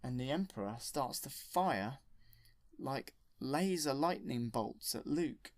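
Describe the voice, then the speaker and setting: A man's voice: medium pitch, animated, takes it slowly, dry recording. Rambling man retelling a story. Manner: rambling and enthusiastic, with self-corrections. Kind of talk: retelling a film from memory.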